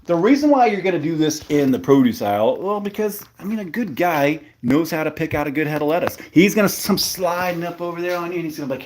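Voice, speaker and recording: A man's voice: on the high side, animated, fast, hardly any pauses, a little mellow, a little hiss or hum. A man hosting a live stream, chatting casually with viewers in a playful, teasing, rambling way.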